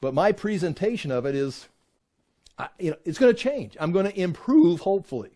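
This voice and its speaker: A middle-aged man teaches a Bible class with a lot of energy. His voice sits high and jumps around a lot in pitch. He slips in sarcastic asides and mock voices as he explains. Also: sing-song, a little fast, mellow.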